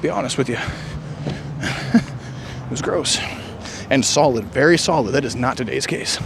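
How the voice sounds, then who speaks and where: A man's voice: mid-range voice, lively intonation, vocal fry. A man on a run outdoors, musing and joking in a rambling, winded monologue with sighs. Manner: musing, jokey, drawn-out sighs. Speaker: vlogger. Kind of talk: rambling running vlog monologue. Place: outdoor trail in the rain. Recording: faint outdoor rain hiss.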